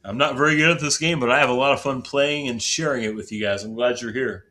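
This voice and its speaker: A man from southern Indiana, USA, chats casually with his viewers while playing a baseball game on stream, talkative and self-deprecating. His mid-range voice is fast, pushed and bright.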